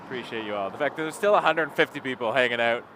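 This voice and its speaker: Speaking quickly in a sharp, mid-range voice, this man from the Toronto area of Canada rambles in a chatty way to his live stream audience and reads their comments aloud. He's outside next to an airport runway at night, cold enough that he marches to keep warm, with outdoor traffic noise in the background.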